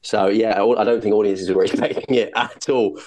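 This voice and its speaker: A man's voice: on the low side, fairly even intonation, a little fast, a little mellow, low-quality recording. A man, a soap actor guest, chatting enthusiastically in a casual interview, often repeating words as he talks.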